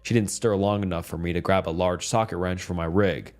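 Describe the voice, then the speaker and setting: A man reading a dark first-person horror story as a calm, steady scripted narration. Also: deep voice, a little fast.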